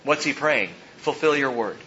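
A pastor gives an expository, verse-by-verse sermon, his animated mid-range voice sharp in tone at a moderate pace as he rises and stresses every scripture line he quotes. The sound is slightly dull, with faint ambience and a little background noise.

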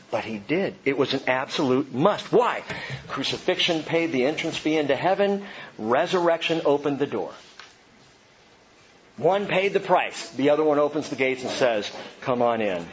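A man preaching an Easter sermon to a church congregation, with animated delivery and acted-out voices of the people he describes. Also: medium pitch, highs cut off, a little hiss or hum. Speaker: pastor.

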